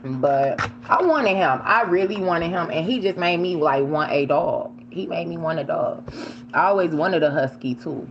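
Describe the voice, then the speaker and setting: A woman vlogger tells a story over dinner in a loose, animated way, swearing as she goes. Her pitch swings freely and jumps up sharply when she acts out her own shouting. The recording is slightly dull, with a faint hum underneath. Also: normal speed. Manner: animated, shrieks quoted lines, swears freely. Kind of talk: casual storytelling while eating on camera.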